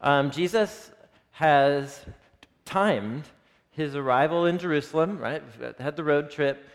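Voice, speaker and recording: With a voice on the high side and a slow pace, this Bible teacher animatedly reads passages to a live group, explains them, and quizzes the audience. The recording carries the long reverb of a hall.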